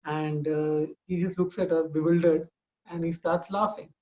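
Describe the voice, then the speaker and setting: A man's voice: on the high side, level tone, moderate pace, mellow, lo-fi sound. Man telling a family story. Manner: conversational, frequent "you know" and restarts.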